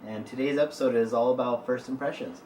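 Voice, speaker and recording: A man's voice: mid-range voice, steady tone, quick pace, a little mellow. A man co-hosting a podcast, telling a story in an easygoing, rambling way. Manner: easygoing, rambling with "you know". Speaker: podcast co-host. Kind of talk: casual storytelling chat. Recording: roomy and distant from the mic, faint noise.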